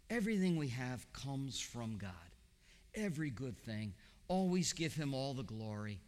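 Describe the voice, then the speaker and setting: A man preaching a sermon as pastor, swinging from high emphatic questions down to low, quiet reassurance. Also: big pitch swings, measured pace, long reverb tail.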